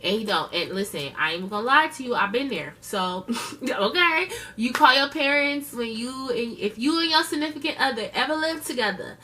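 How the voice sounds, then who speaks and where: A woman's voice: on the high side, animated, a little fast, sharp tone, far from the mic, a little hiss or hum. A woman giving blunt, slangy, profane casual commentary as a reality show reviewer, talking straight to her viewers. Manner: chatty, addresses viewers directly.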